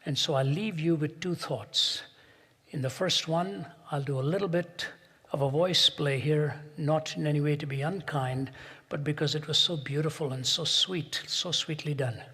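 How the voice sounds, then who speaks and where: Husky-voiced preacher in a reverberant hall. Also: male voice, on the high side, moderate pace. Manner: builds to emphatic peaks, drops soft for quoted asides. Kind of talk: sermon with told stories.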